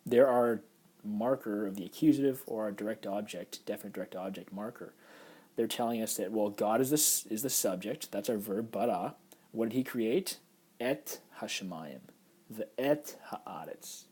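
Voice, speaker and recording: Male lecturer, slightly low and husky voice, patient explanations, lots of fillers. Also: moderate pace, mellow. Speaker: Hebrew teacher. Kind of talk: recorded lecture over slides.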